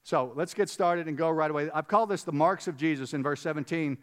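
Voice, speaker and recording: A man's voice: a little high, fast talker, smooth. A man preaching a conversational sermon, emphatic, repeating words and putting questions to his listeners. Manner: emphatic, repeats words, chuckles, asks the audience. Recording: long reverb of a large hall.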